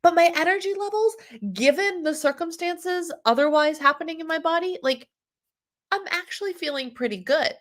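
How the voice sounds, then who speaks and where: A woman's voice: very high voice, moderate pace. Chatty congested woman livestreaming. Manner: chatty, talks to viewers by name. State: congested, a bit nasal from a cold. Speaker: wellness coach and livestream host. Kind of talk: casual livestream chat.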